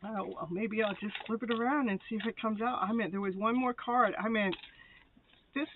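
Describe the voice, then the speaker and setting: A woman's voice: a little high, fairly even intonation, normal speed. A woman host giving a live tarot reading, chatty and playful, often giggling and breaking into sing-song exclamations. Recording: tinny phone-like sound with faint noise.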